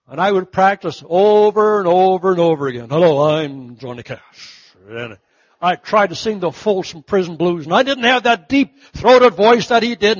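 A middle-aged man preaching a sermon, telling stories and acting out the voices of the people in them, swinging from loud to hushed. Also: sits high, no room sound, lo-fi sound. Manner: storytelling, acts out quoted voices, big swings from loud to hushed. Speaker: pastor.

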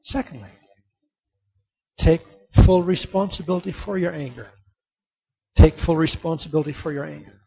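A pastor with a high, husky voice preaches at a normal speed, leaving long pauses as he tells stories and repeats his main points for emphasis. The sound is dull and lo-fi.

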